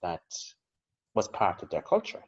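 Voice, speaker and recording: A man speaking as a local historian guest in a relaxed interview, talking at length and chuckling between his points. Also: measured pace. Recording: slightly dull lo-fi recording.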